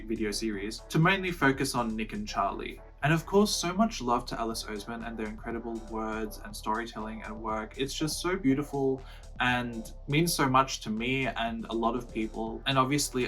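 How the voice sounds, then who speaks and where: A man's voice: mid-range voice, a bit bright. A young man from Australia chatting casually to camera, playful and rambling, with lots of flustered restarts. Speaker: YouTuber and songwriter. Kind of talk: casual vlog talk.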